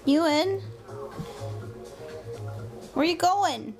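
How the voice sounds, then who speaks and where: A mother talks to her young son and the family dog in a high, swooping voice, teasing and coaxing in a playful sing-song. She speaks at an unhurried pace and records on a handheld camera at home. Music plays clearly in the background. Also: animated. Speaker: mother filming her child. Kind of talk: casual home video.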